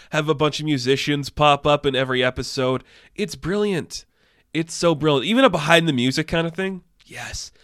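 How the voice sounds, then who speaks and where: A man hosting a casual movie news show, talking with excitable enthusiasm and frequent swearing. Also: fairly high pitch, clear, resonant tone, no room sound, studio quality. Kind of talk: casual entertainment news commentary.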